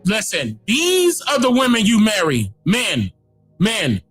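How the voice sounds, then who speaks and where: A man hosting a reaction video, excitedly commenting, exclaiming and shouting, often repeating himself. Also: high-pitched, slow, slightly rough, faint music behind.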